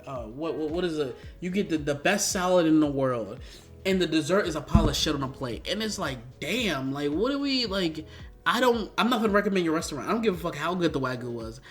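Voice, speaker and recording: A man's voice: fairly high pitch, animated, brisk, fairly bright tone, soft background music. A young man giving a casual, frustrated spoken game review, ranting with lots of fillers and restarts.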